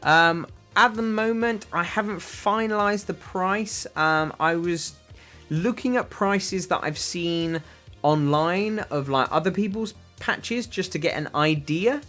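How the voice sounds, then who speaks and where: A British man hosts a casual livestream, reading viewers' chat aloud and answering their questions in a rambling, filler-heavy way full of ums and uhs. His voice is high-pitched, pushed and bright, and he talks slowly. Soft music plays in the background.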